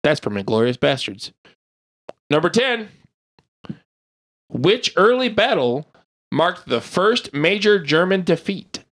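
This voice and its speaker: A man hosts a casual podcast and runs a trivia quiz. He reads each question slowly and with plenty of lift in his voice, cracking jokes between answers. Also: on the high side, sing-song, fairly bright tone. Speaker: podcast host and quizmaster.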